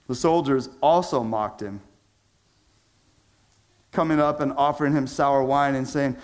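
A man preaching a sermon as pastor, casual and conversational with slang, swinging between loud emphasis and hushed low phrases. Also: a little slow, pauses often.

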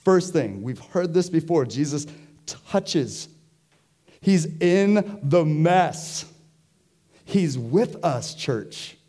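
A man delivering a sermon in a slow, unhurried cadence, his voice mellow and warm. He keeps turning to the congregation with questions, talking with them as much as to them. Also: a little high, lively intonation. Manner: conversational, asks the congregation questions. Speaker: pastor. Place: church.

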